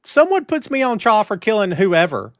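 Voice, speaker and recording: A man hosting a wrestling news talk show, emphatic and animated, with lots of restarts. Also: high voice, normal speed, no room sound, clean studio sound. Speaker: podcast host. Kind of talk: casual wrestling news chat.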